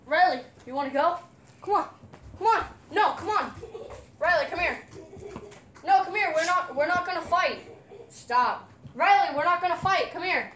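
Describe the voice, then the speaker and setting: A woman's voice: very high-pitched, lively intonation, moderate pace, pauses often, a bit bright, slight background noise. A young woman vlogging at home in a casual, playful, teasing way. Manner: playful, teasing trash talk. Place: house, indoors and outside.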